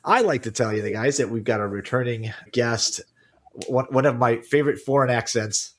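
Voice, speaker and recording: A man's voice: medium pitch, normal speed, fairly bright tone. A man hosting a cybersecurity podcast in casual chat, joking and often repeating words as he starts a sentence. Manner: chatty, jokey, repeats words when starting. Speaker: podcast host.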